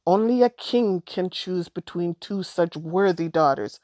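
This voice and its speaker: A woman's voice: fairly low pitch, unhurried, a little mellow, no room sound, lightly acted. A woman voicing a proud, firm father in a storybook. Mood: fatherly. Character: proud loving father of two daughters.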